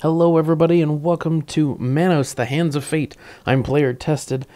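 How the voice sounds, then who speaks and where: A man hosting a casual let's-play commentary, giggly and excitable, laughing often as he plays. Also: on the high side, normal speed, soft background music. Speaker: gaming channel host.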